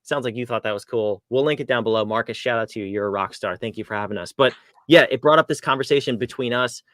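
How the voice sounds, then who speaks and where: A man's voice: medium pitch, fast talker, fairly bright tone, dry recording. Jokey man, dry close sound. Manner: jokey, conversational. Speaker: podcast co-host. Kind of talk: casual chat.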